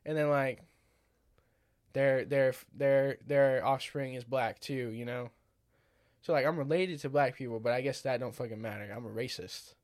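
A man's voice: mid-range voice, normal speed, no room sound, clean studio sound. A man from the United States in casual podcast chat, rambling and crude, laughing often. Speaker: podcast host.

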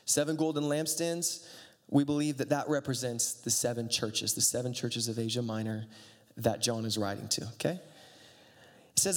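A man's voice: mid-range voice, fairly even intonation, normal speed. A man preaching a casual, conversational sermon with sarcastic asides, reading and explaining scripture. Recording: long reverb of a hall.

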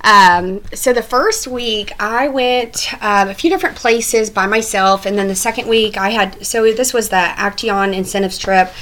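Picture an American woman in easy, casual conversation. She tells long stories and keeps slipping in laughs between her thoughts, with a voice of ordinary pitch for a woman, loaded with ums and restarts. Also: steady tone, a little slow, hardly any pauses, a bit bright, low-quality recording. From United States. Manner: chatty storyteller, laughs often, many fillers. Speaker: guest.

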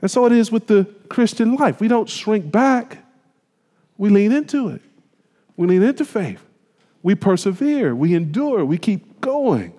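The high, warm voice belongs to a pastor delivering a sermon. Emphatic and casual in his phrasing, he keeps asking the congregation rhetorical questions. The sound is washed in the long reverb of a hall.

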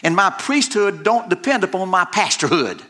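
Male pastor, middle-aged, preaching, emphatic, repeats phrases, folksy asides, high voice, bright tone. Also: big pitch swings, moderate pace. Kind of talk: sermon.

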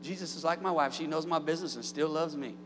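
A man in his thirties preaching a sermon in a church, calling out to the congregation and building up to shouts. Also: fairly high pitch, fast talker, big-room sound, music in the background. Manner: call-and-response preaching, rising to shouts. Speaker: pastor. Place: church sanctuary.

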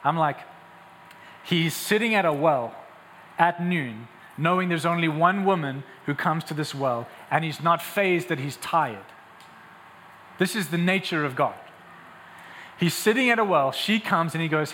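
A man's voice: a little high, moderate pace, fairly bright tone, slight background noise. A man preaching a sermon, retelling scripture with acted-out dialogue. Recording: long hall reverb, faint ambience.

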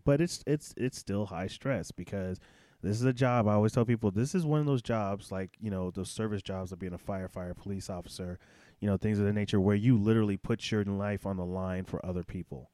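A man's voice: fairly low pitch, fast, dark tone, no echo. A man who is a former Army drill instructor, telling stories bluntly and profanely in a casual interview.

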